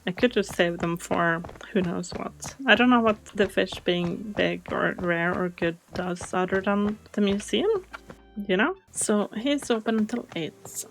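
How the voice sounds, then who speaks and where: A woman's voice: medium pitch, vocal fry, a little hiss or hum, low-quality recording. A woman hosting a Let's Play, chatting casually and thinking aloud as she plays, often surprised by what she finds. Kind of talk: casual game commentary.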